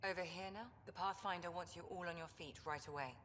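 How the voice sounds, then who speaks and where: An actress playing a composed female alien doctor in a video game, brisk and professional. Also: lowish voice, a bit bright, slight background noise, lightly acted. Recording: game audio with long reverb.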